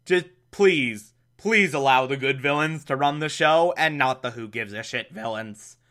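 A man's voice: medium pitch, a little slow, fairly bright tone. A man hosting a podcast, recapping an episode in a casual, chatty way, laughing often and adding mocking asides. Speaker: podcast host.

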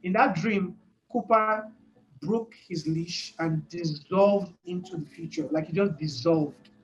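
A man preaching a sermon with emphatic, repetitive phrasing and a fairly high voice for a man. He often laughs between points and drives each idea home by saying it again. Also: slow pace, highs cut off.

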